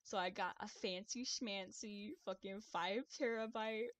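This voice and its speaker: A young adult woman chatting on a live stream, excitable and rambling, who swears often and stumbles over her words. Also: medium pitch, a little slow, highs cut off. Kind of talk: casual live-stream chat.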